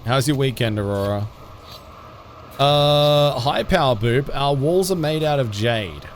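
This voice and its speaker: A man's voice: mid-range voice, animated, a little hiss or hum. A man chatting casually with his viewers while streaming a game, laid-back and rambling. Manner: laid-back, rambling, frequent restarts, quick laughs. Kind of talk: casual live-stream chat while playing.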